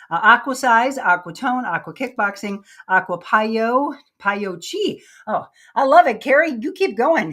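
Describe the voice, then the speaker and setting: A woman hosting a live-streamed workout show, chatting with viewers and coaching exercises in an upbeat, chatty way. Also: mid-range voice. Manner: chatty, upbeat, laughs often, counts reps aloud. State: out of breath. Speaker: fitness show host.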